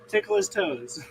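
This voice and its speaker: Bright, lively man who laughs often. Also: high-pitched, slight background noise, poor audio. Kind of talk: casual Bible discussion.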